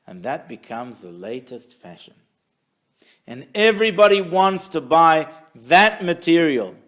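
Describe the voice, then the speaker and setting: A man teaching a weekly Torah class who tells stories in a lively way and acts out the people in them. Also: on the high side, measured pace. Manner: animated storyteller, acts out quotes. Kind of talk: storytelling Torah lesson.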